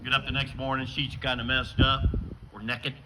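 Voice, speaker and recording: An older man from western New York doing a stand-up comedy set outdoors, telling stories in a deadpan way and acting out the dialogue. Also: medium pitch, fairly quick, background noise. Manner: deadpan storytelling with acted dialogue bits. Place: outdoor show with a live audience.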